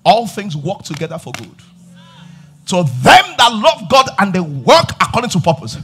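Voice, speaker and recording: A man with a Nigerian accent preaching a sermon as pastor. He preaches emphatically, shouting and rising into a sing-song, repeats refrains and calls on the congregation to answer. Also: sits high, sing-song, moderate pace, slight background noise. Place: church service.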